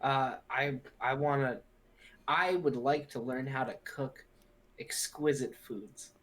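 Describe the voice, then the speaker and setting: A man's voice: medium pitch, steady tone, takes it slowly, a bit bright. A young adult man playing a tabletop game, chatting casually and in an amused way. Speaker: player.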